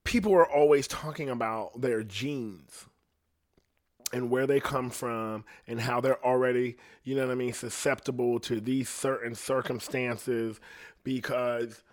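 A man's voice: mid-range voice, unhurried. Profane rambling podcast man. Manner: profane, rambling, quotes others in voices. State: jittery from coffee. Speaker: podcast host. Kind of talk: casual ranting monologue.

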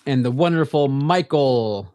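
A man co-hosting a casual podcast from a home basement, relaxed and easygoing, with frequent fillers and laughs. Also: mid-range voice, unhurried, dry recording. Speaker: podcast co-host. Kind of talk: casual chat.

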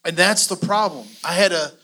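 A middle-aged man teaching a church finance class, telling stories with animated, acted-out quotes. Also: sits high, brisk. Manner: animated storytelling, acts out quotes.

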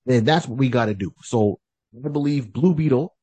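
Podcast guy, mid pitch, explains his takes with energy, dead dry sound. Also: normal speed, darkish tone, slightly rough, dry recording. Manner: explains eagerly and acts out quotes. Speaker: podcast co-host. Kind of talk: casual chat. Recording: dry close-mic podcast audio.

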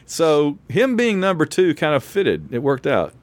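A man's voice: fairly high pitch, huge pitch swings, a little slow. A man hosting a podcast in casual chat over an online call, laughing often and restarting his sentences. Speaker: podcast host.

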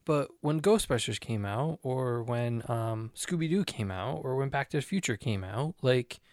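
A man with a gravelly, fry-edged voice, talking through ideas in a loose, animated way with plenty of restarts. The sound is dry and close, with no room echo. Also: medium pitch, normal speed. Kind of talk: casual conversation.

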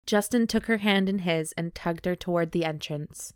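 A woman's voice: lowish voice, moderate pace, darkish tone, no room sound, studio quality. A woman co-hosting a comedy podcast, reading steamy romance prose aloud between jokes with her co-host. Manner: reads steamy prose aloud with playful commentary. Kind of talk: casual chat and mock-dramatic reading.

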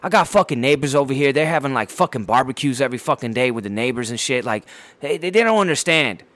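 A man with a medium-pitched voice talks quickly, no room sound behind him, while hosting a casual solo podcast. He rants bluntly with an animated edge, heavy profanity, frequent fillers and words said twice over.

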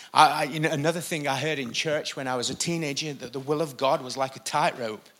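A pastor delivering a sermon from a church stage, preaching with animated emphasis and occasional jokes. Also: male voice, on the high side, brisk, hardly any pauses.

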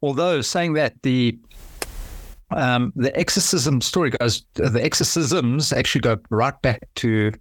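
A man's voice: mid-range voice, measured pace, slightly rough, no room sound. A man chatting casually on a podcast, rambling and hesitant with frequent restarts.

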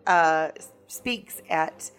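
Chatty, low-voiced woman podcast co-host. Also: very slow, clean tone, faint music behind. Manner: chatty, excitable, loses her words mid-sentence. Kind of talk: casual podcast chat. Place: recording studio.

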